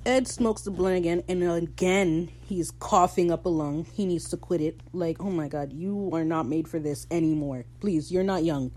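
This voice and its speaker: A woman hosting a casual podcast episode recap, animated and slangy, swearing freely and laughing between lines. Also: fairly low pitch, moderate pace, few pauses, a little hiss or hum, rough recording. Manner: laughs while talking. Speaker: podcast host.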